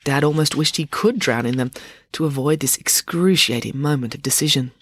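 A podcast host reading a children's book aloud in a lively, chatty way and talking directly to young listeners. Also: medium pitch, a little fast, no echo. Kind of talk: storybook narration.

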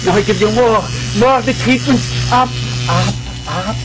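A man's voice: high-pitched, moderate pace, music in the background, close to an everyday voice, poor audio. A man playing a boastful quack doctor who gives shock treatment, with a theatrical, hypnotic sing-song delivery, on an archive broadcast. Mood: excited. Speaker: wrestling show character. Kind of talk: televised wrestling skit.

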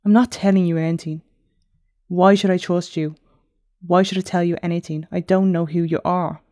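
A woman voicing a wary, hot-tempered young man who loudly demands answers in a fantasy story. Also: lowish voice, flat delivery, normal speed, no echo, studio quality, lightly acted. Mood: angry, distrustful. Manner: loud, demanding questions.

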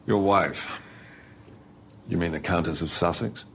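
Film drama: an officious ship captain with a deep, measured voice. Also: male voice, vocal fry, a little hiss or hum. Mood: stern. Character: stern formal male ship captain.

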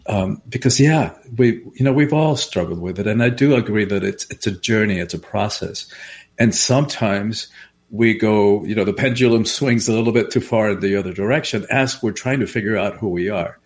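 Casting: male host, lower voice, chatty storyteller with quick asides. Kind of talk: casual podcast conversation.

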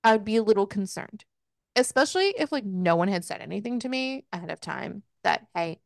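A woman co-hosting a casual podcast, recapping a book in an exasperated, swearing, animated way and voicing the characters' lines. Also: mid-range voice, fairly quick, creaky, dry recording, clean studio sound. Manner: swearing, exasperated, animated retelling with voiced quotes. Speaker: podcast co-host.

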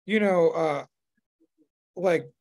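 Speaking very slowly in a slightly high voice with a darkish tone, a podcast host chats casually. He rambles, leaning on many fillers and restarts.

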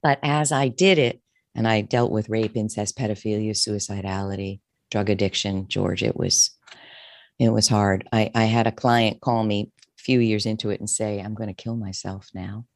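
A middle-aged woman, a therapist and coach, telling her own story in an interview, expressive and emotional, often restarting her sentences. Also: very deep voice, moderate pace, dry recording, studio quality.

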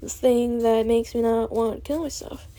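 A woman's voice: a little high, steady tone, moderate pace, dark tone. Rambling, self-deprecating teenage girl. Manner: rambling and self-deprecating, with heavy filler words and swearing. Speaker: student vlogger. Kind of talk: rambling monologue.

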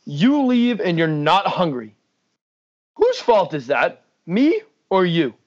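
A man's voice: high-pitched, wildly swooping pitch, slow pace. A young man co-hosting a casual sports podcast, blunt and ranting, swearing freely. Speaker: podcast co-host. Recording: dull lo-fi podcast mic.

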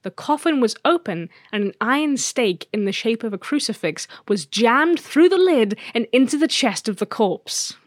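An English woman co-hosts a casual podcast, playfully teasing as she tells a spooky story with dramatic pauses. Her voice is a little high and very animated, recorded at studio quality with no room sound.

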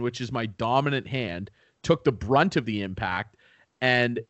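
A man's voice: mid-range voice, fairly bright tone, no room sound. Young male host, casual storyteller, cursing freely, dry close sound. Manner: laid-back, swears a lot, laughs at himself.

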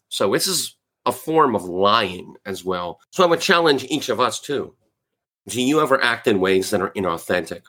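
A man's voice: medium pitch, a bit bright. Male sales coach, conversational, keeps checking in with listeners. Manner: conversational, keeps asking "right?". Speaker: sales trainer. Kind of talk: talking-head sales advice.

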